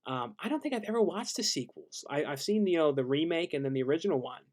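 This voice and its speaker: A man casually hosting a live-stream Q&A, laid-back and halting as he reads out viewer questions and answers them. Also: on the high side, lively intonation, a little mellow.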